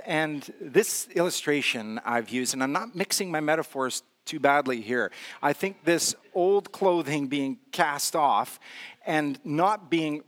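Male pastor, a touch higher than average, relaxed conversational sermon delivery with humorous asides. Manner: storytelling with humor and self-deprecation; conversational, frequent "uh" fillers.

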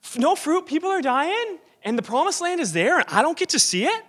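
A man's voice: very high voice, big pitch swings, brisk, a bit bright, pitched above the performer's own voice, heavily acted. A man voicing an exasperated old male prophet who fires incredulous questions at God.

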